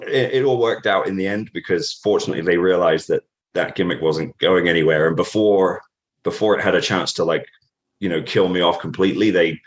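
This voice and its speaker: Deep-voiced British man telling stories. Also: fairly quick. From Britain. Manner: rambling with many fillers and restarts. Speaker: guest. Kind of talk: casual interview storytelling.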